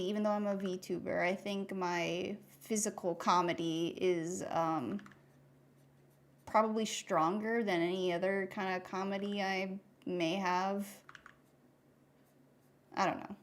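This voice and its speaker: A woman's voice: mid-range voice, steady tone, unhurried, pauses often. Chatty young woman streaming while drawing. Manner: chatty, rambling, reads chat aloud. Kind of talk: casual chat while drawing.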